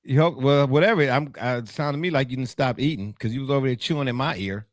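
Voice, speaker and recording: A man hosting a casual sports talk show, animated and teasing, laughing often. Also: mid-range voice, fast talker, no room sound, studio quality.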